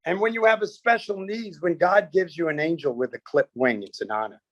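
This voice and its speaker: A man's voice: fairly high pitch, fairly quick, no echo, lo-fi sound. A man, a comedian guest, telling stories with punchy quoted bits and lots of animation.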